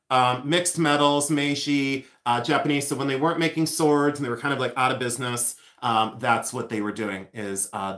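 A man's voice: medium pitch, fairly bright tone. A middle-aged man hosting a casual livestream about antiques, chatty and easily distracted, thanking viewers by name as he talks. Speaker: antique dealer and livestream host. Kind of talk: casual livestream chat reading the chat. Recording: echoey room.

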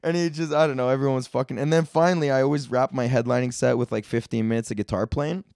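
Male comedian host, 30s, profane and animated storyteller, dry booth. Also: medium pitch, quick pace, gravelly, no echo. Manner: profane, excitable, laughs often. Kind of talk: casual storytelling rant.

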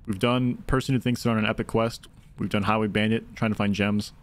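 A man's voice: on the low side, steady tone, brisk. A man streaming a video game, giving chatty, casual commentary and thinking aloud while he talks to his viewers. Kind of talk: casual commentary over gameplay.

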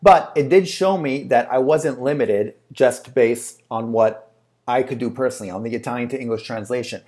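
A man's voice: medium pitch, moderate pace, a little mellow. A man who works as a translator, talking casually to camera and telling a story in a chatty way with plenty of fillers. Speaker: translator and agency owner.

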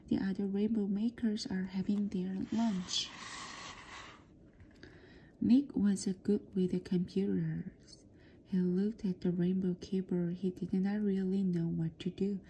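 A woman reading a children's storybook aloud for practice, softly and often in a whisper. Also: medium pitch, fairly even intonation, slow pace, a little hiss or hum. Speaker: reader.

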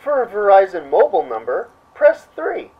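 A man's voice: high-pitched, huge pitch swings, moderate pace, husky, dull audio, voice pushed down, full character voice. A man voicing an automated phone menu that reads out its options mechanically.

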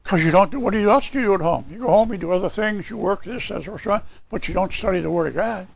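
A man's voice: sits high, fast, vocal fry, no room sound. A male pastor preaching a sermon, emphatic and repeating his key phrases.

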